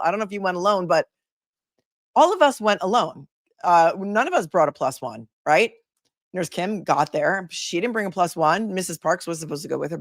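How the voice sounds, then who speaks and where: A woman's voice: lowish voice, no room sound, studio quality. A woman attorney hosting a casual livestream, chatting and rambling as she reads viewer comments aloud, older than her peers. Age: older than her peers, calls herself the old lady of the group. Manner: chatty and rambling, with many fillers and restarts.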